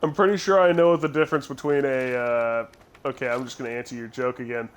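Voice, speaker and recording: A man's voice: mid-range voice, steady tone, fast, slight background noise. A young man co-hosting a gaming stream, chatting casually, swearing, laughing and tripping over his words. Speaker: co-host of a gaming channel. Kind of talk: casual let's-play banter. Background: game music.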